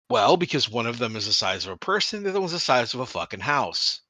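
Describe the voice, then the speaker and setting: A man co-hosting a casual hobby podcast, talking with animated energy, swearing freely and restarting sentences. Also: medium pitch, quick pace, few pauses, no echo. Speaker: podcast co-host.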